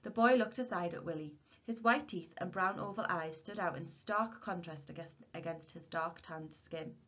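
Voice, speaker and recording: A woman teacher reading a novel aloud to her class in a steady, expressive way. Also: lowish voice, moderate pace. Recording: dull lo-fi recording.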